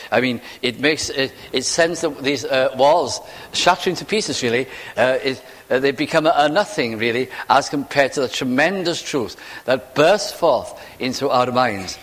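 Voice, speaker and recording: A man gives a sermon at an ordinary middle pitch, speaking in a conversational way and asking his listeners rhetorical questions. He slows down when he quotes scripture. His voice carries a long reverb, as if it is recorded in a large church hall. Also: a bit bright. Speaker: preacher.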